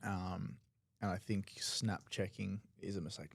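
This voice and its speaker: Aussie guy with a low voice explaining poker hands, lots of "like" and "you know", dry close sound. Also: little pitch movement, unhurried, creaky, slightly rough, dry recording. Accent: Australian. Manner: analytical, loose with many fillers. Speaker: poker analyst. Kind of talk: live tournament commentary.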